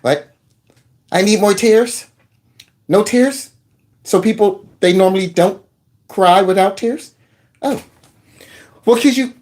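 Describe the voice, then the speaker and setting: A whiny, mock-weepy voice that keeps pretending to cry, as a man puts it on. It is pitched well above a plain speaking voice and sounds strained with fake sobs. The tone is exaggerated and theatrical, as a parody. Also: darkish tone.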